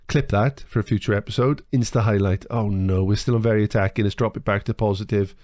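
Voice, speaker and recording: A young man giving excited live commentary over a football management game, swearing and shouting at his players as the match unfolds. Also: on the low side, moderate pace, no room sound, clean studio sound. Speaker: gaming YouTuber.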